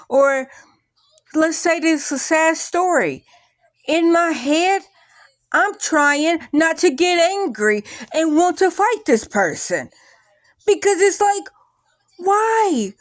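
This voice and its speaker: A young adult woman talking through her feelings in a rambling, animated vlog, full of likes and restarts. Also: high voice, takes it slowly, dry recording. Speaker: vlogger. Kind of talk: casual confessional talk to camera.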